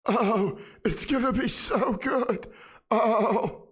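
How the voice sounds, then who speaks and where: A man's voice: high voice, drawn-out words. A young man live-streaming a game with comedic, overdramatic mock panic.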